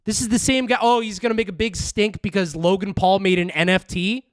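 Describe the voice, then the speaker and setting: High-voiced man in a profane rant. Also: steady tone, a little fast, no room sound, clean studio sound. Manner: heated, swearing, mocking. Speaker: reaction video host.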